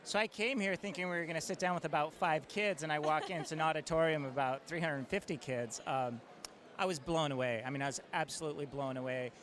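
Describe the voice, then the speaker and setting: A man, an eye surgeon, speaking enthusiastically and with feeling about mentoring, halting with fillers. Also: fairly high pitch, crowd noise. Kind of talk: interview answer.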